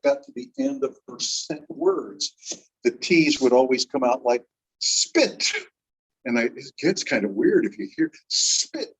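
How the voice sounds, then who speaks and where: A man's voice: medium pitch, a little mellow. A man teaching a class, explaining ideas step by step and asking the students questions. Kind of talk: classroom lecture. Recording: distant, dull room recording.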